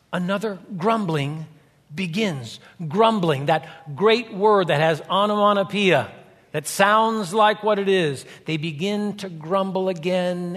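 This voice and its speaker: A man preaching a sermon, dramatic, swinging between loud, raised lines and hushed, quiet ones. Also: fairly high pitch. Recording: long hall reverb.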